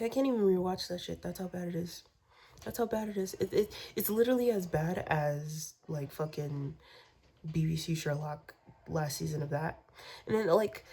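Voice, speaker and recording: Low husky woman ranting. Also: dark tone. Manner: profane, repetitive venting, drops to whispers. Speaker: vlogger. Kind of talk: rambling vlog rant.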